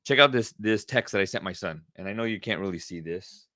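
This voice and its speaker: Energetic man podcasting, dry sound. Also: lowish voice, brisk, no echo. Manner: energetic, excited, repeats himself. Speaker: podcast host. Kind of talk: casual solo podcast talk.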